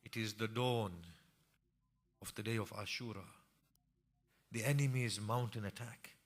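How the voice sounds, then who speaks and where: A man preaches a mournful sermon, recounting a tragic story as a grieving recital that drops to hushed tones and rises into impassioned cries. His voice is lowish and his pace measured.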